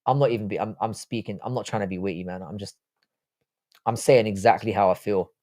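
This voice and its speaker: A man's voice: fairly low pitch, fairly even intonation, fairly quick, darkish tone. A man hosting a casual live stream, reading out viewer chat and answering it with loose, profane talk. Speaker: livestream host.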